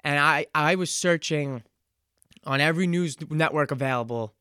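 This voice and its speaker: A man in his twenties hosting a solo podcast, talking in an earnest, reflective and halting way. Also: on the high side, sharp tone, clean tone, dry recording, studio quality. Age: 20s. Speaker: podcast host. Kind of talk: casual solo podcast monologue.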